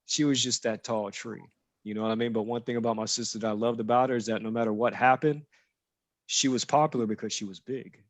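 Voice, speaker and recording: A man's voice: medium pitch, fairly even intonation, fast talker, dry recording. A man chatting casually on a podcast, telling a rambling family story and often checking that listeners follow. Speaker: podcast guest.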